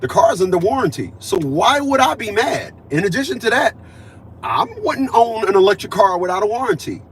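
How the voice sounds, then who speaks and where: A man's voice: high voice, very animated, a little fast, slight background noise. A man in his fifties talking in a casual monologue, emphatic and repetitive, acting out conversations he had. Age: 50s. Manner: emphatic, repeats himself, acts out conversations. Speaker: vlogger.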